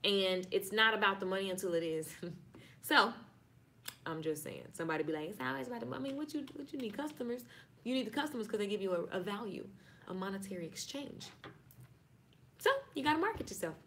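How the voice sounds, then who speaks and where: A woman with a Southern US accent chats playfully on a live stream about marketing, her voice medium-pitched and fairly bright over slight background noise. She is chatty and signs off again and again.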